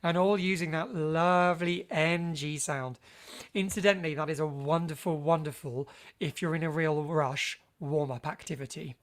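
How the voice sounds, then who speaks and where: A man's voice: a little high, steady tone, moderate pace. A man leading a vocal health workshop for teachers, chatty and playful with theatrical asides.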